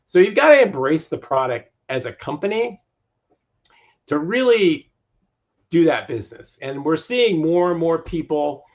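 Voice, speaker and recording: A man's voice: fairly high pitch, expressive, measured pace. Emphatic man, slightly muffled audio. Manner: emphatic, drives points home by repeating phrases. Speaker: mortgage lending executive, podcast guest. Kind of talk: podcast interview conversation.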